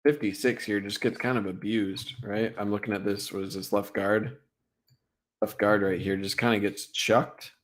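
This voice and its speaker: A young man with a fairly low voice talks through football plays on a casual stream. He gets excited over big hits and packs his talk with "like" and "right?". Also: normal speed. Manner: excitable, filler-heavy, lots of "like" and "right?". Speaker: sports streamer breaking down game film. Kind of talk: casual live-stream film breakdown.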